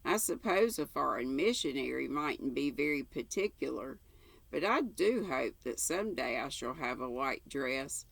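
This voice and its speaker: A woman's voice: extremely low pitch, animated, moderate pace, creaky, fairly bright tone, breathy edge, no echo, full character voice. An older woman reading aloud and voicing a chatty, imaginative orphan girl in a breathless, eager, rambling way. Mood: eager chatter.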